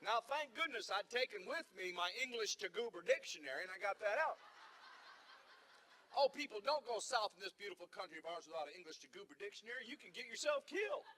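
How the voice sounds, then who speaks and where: Male comic, high, bright and fast, tells animated stories on stage. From Detroit. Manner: animated storytelling, voices for characters. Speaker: stand-up comedian. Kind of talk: stand-up routine. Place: theater stage.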